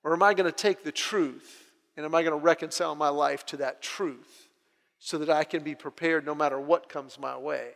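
A man's voice: on the high side, fairly even intonation, normal speed, gravelly, a bit bright. A middle-aged man preaching a sermon as a pastor, telling family stories and acting out his kids' voices. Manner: storytelling, acts out his children's voices. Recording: long hall reverb.

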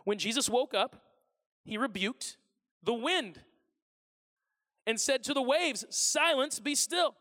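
A man's voice: extremely high pitch, animated, slow, pauses often, fairly bright tone. A man preaching a sermon as pastor. He talks in a conversational way, asks the congregation questions and acts out the people he quotes. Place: church sanctuary. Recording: long hall reverb.

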